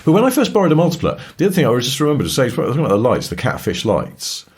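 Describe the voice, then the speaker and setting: A man from England co-hosting a podcast, chatting casually and telling anecdotes with lively put-on voices. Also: mid-range voice, very fast, breathy edge. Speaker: podcast co-host. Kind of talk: casual chat.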